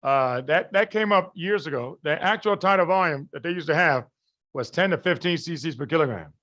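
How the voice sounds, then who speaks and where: A man with a slightly high voice gives a live class lecture. He talks in a folksy, colloquial way, keeps throwing rhetorical questions at the students and checks again and again that everyone follows. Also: a little fast, a bit bright, highs cut off. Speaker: medical lecturer.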